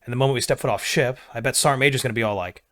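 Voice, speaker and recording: A man's voice: medium pitch, rapid-fire, fairly bright tone, natural voice. A man voicing a weary, sarcastic young male Marine corporal who grumbles.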